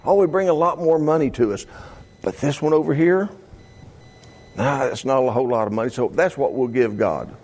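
A man's voice: mid-range voice, fairly quick, a little mellow, natural voice. A man voicing a haggling, indignant priest who stammers and wheedles. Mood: scheming. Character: indignant haggling ancient priest, male adult.

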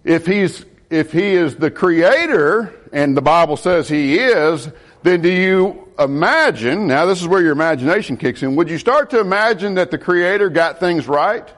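A middle-aged man, a pastor preaching a sermon in an animated way and asking the congregation questions. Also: a little high, moderate pace.

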